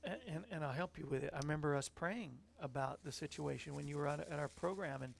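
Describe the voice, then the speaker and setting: A man hosting a faith-based TV talk show, his voice slightly high and gravelly. He speaks in a warm, encouraging way and chuckles easily. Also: quick pace, slight background noise. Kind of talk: casual Christian talk show chat. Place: TV studio.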